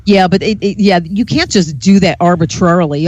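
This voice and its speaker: Man, middle pitch, indignant and scoffing, dull muffled audio, dry. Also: animated, moderate pace, few pauses, no room sound. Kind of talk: casual political chat.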